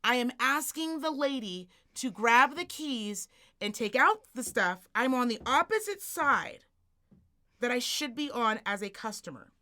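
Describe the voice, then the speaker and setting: A woman co-hosting a podcast, telling a story as a profane, animated rant and acting out the people in it. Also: a little high, unhurried. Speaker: podcast co-host.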